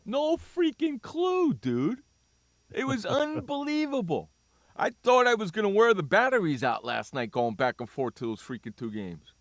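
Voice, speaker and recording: A man's voice: high-pitched, sing-song, moderate pace, no room sound. A man hosting a sports talk radio show, ranting animatedly about the games and saying "freaking" over and over.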